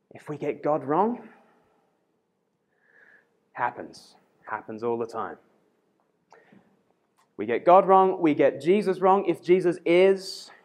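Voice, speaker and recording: Male preacher, lively and expressive, slightly high voice, acts out dialogue. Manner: animated, acts out quoted voices. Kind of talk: conference talk.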